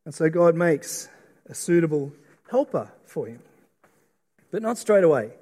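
A man's voice: on the high side, sing-song, a little slow, dark tone. A middle-aged man with an Australian accent preaching a sermon in a church auditorium, earnest, often repeating and restarting words. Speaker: pastor. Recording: long reverb of a church hall.

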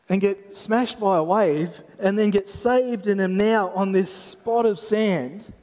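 A man's voice: high voice, darkish tone. An Australian man preaching a sermon in a church, telling a story in a chatty, humorous way with frequent restarts. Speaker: pastor. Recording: long hall reverb.

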